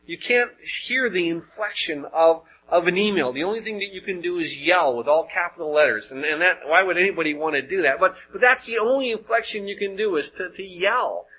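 Husky guy preaching, chatty sermon, lots of questions to the crowd, kinda dull lo-fi recording. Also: high voice, expressive, fairly quick, few pauses. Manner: conversational, rhetorical questions, frequent word repeats.

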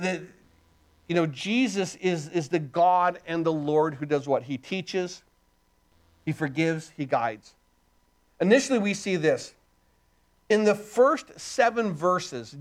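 Delivering his sermon in a high-pitched voice, a middle-aged pastor speaks with emphasis, raising rhetorical questions only to answer them on his own.

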